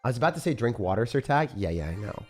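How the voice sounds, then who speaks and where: A man with a rough morning voice giving casual live commentary on a game he is playing, chatting and reading viewer comments aloud. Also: mid-range voice, sing-song, fast talker, darkish tone, soft background music. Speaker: game streamer.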